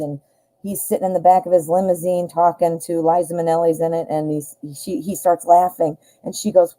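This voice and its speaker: A woman's voice: on the low side, mellow, poor audio. A middle-aged woman giving casual tarot readings on a live stream, chatty and talking straight to her viewers, often laughing at her own jokes.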